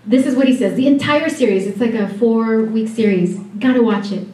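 Woman, conference speaker. Chatty, direct, quick to laugh. Warm tone, heard from a distance. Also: on the high side. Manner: chatty and direct, laughing often, with playful asides to the audience. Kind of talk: conference talk. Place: conference room before an audience. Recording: echoey room, distant mic.

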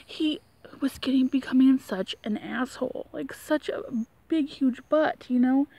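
Young woman vlogger, high voice, dry close sound, rambling and emotional. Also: a little slow, warm tone, no room sound. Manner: rambling, emotional, lots of "like" and "you know". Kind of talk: casual rambling TV review.

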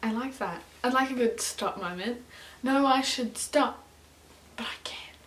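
A young woman with a fairly high voice chats excitedly, gushing and stringing her thoughts together with constant fillers. Her voice bounces around a small echoey room. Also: a little slow. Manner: chatty and gushing, filler-heavy with lots of "like". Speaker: music reaction vlogger. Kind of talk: casual reaction chat.

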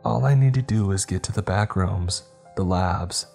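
A deep-voiced man voicing a desperate, pleading teenage girl in a narrated horror story. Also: moderate pace, vocal fry, darkish tone, soft background music.

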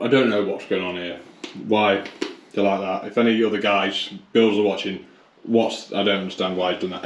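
A tradesman with a fairly low voice, talking casually and thinking out loud as he works. The room rings with echo, and a faint noise sits underneath. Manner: chatty, thinks aloud, addresses viewers as guys. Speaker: electrician. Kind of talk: casual explaining while working. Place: garage being converted to a kitchen, indoors.

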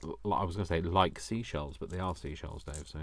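Male craft vlogger, deep and unhurried, effusive self-talk with a faint hiss behind. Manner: gushing, gasping and talking to himself. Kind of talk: casual unboxing chat.

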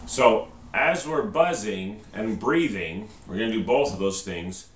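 A male band teacher with a fairly low, animated voice leads a patient, step-by-step trumpet lesson at a measured pace, asking "okay?" after each step. The instructional video sounds roomy and echoey, with a distant mic and faint noise.

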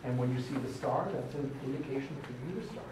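A man's voice: mid-range voice, distant mic, very noisy. Man leading a music class in an echoey room. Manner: brisk, upbeat, directing a class. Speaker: music education professor. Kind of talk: classroom teaching. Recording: roomy classroom audio from afar.

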